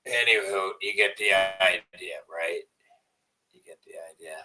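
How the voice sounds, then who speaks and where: A man's voice: medium pitch, normal speed, far from the mic, background noise. A man hosting a livestream in a rambling, profane way, often trailing off into mumbles. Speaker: livestream host. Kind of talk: casual livestream rant.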